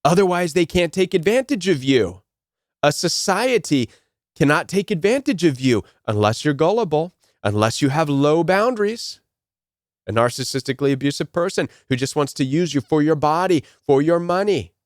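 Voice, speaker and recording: A man's voice: on the high side, animated, normal speed, dry recording, clean studio sound. A man giving a motivational talk, telling a personal story earnestly and often repeating key phrases. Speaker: self-help speaker.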